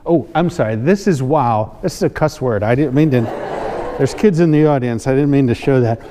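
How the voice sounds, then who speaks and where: A man performing as a comedy magician, teasing and joking with audience volunteers on stage. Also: mid-range voice. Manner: playful, teasing, quick asides. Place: stage before a live audience. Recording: hall reverb, faint room noise.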